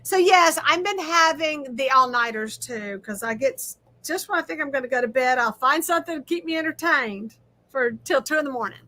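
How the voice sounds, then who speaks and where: A middle-aged woman chats casually as host of a livestream. Her voice sits high and sounds bright and ringing. She talks loudly and fast, pushing through the audio trouble. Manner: loud, talking over audio trouble, chatty.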